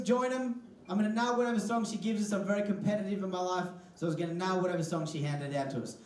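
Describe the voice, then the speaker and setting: A young Australian man doing a stand-up set, telling lively stories, swearing freely and acting out the voices of others. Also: sits high. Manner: lively storytelling, swears a lot, acts out voices. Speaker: stand-up comedian. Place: comedy club stage. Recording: echoey room, distant mic.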